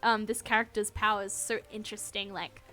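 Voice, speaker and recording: A woman's voice: mid-range voice, level tone, moderate pace, sharp tone, faint music behind. Chatty woman streamer reading a game. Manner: chatty, self-deprecating asides. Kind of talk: casual let's-play commentary and reading.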